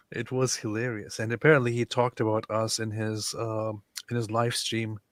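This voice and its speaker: Halting man reading viewer messages. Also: lowish voice, steady tone, a bit bright, dry recording. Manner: halting, many fillers and restarts, chuckling. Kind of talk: casual chat.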